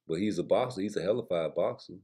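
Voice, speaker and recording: A man's voice: deep voice, quick pace, dark tone, slightly rough. A man giving a blunt, slangy boxing commentary rant straight to his viewers, with profanity.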